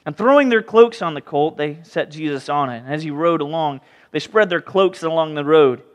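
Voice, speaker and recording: A man preaching a sermon as pastor, lively, often acting out the voices of people in the story. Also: fairly high pitch, normal speed, dull audio. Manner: animated, acts out voices in the story. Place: church sanctuary. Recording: hall reverb.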